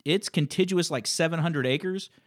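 A man's voice: a little high, normal speed, no echo, studio quality. A man telling stories from his land-buying business in a casual conversation. He acts out phone calls as he tells them. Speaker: land investor guest.

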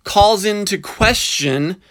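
A sarcastic man ranting through a commentary with fired-up, emphatic delivery, slowing down to hammer key words. His voice sits a little higher than most men's. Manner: sarcastic, animated, emphatic with drawn-out stresses. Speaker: podcast commentator.

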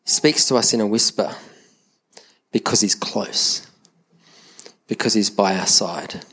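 A man's voice: lowish voice, a little slow, bright, forceful tone, breathy edge. A man preaching a sermon in a conversational way, often repeating words as he restarts a thought, with light humor toward the congregation. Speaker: pastor. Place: church service.

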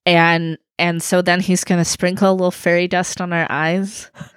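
A woman's voice: on the low side, level tone, normal speed, clean tone, no echo. A young woman co-hosting a podcast in casual chat, jokey and playful, spinning out silly bits. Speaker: podcast co-host.

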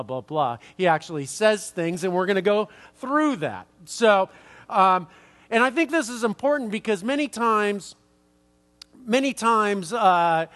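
A pastor delivers a sermon, rambling through an anecdote with lots of fillers and restarts. His voice sits high and sounds a bit bright.

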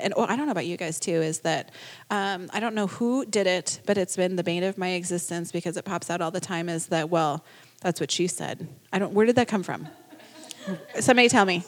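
A woman telling a frank, chatty story as a parent. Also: medium pitch. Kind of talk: casual storytelling.

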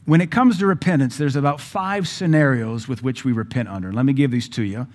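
A man preaching a sermon in a blunt, emphatic way, with sudden loud stresses, acting out the people he quotes. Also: medium pitch, brisk.

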